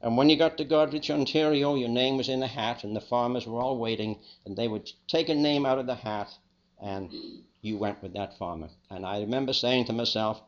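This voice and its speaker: An older man with a Liverpool accent, telling his own life story as a testimony in a plain, unhurried, reflective way. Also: medium pitch, dull audio. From England. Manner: plain, unhurried, with small restarts. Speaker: speaker giving a personal testimony.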